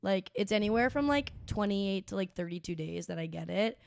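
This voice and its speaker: A woman's voice: mid-range voice, lively intonation, a little fast, creaky. A woman in her twenties co-hosting a casual podcast, talking loosely with lots of "dude" and "like" and some swearing. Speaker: podcast co-host. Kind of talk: casual chat.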